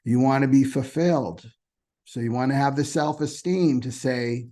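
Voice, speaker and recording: At normal speed and with a warm tone, this medium-pitched astrology host gives a casual spiritual lesson. The talk loops and repeats loosely, punctuated by frequent "right?" check-ins.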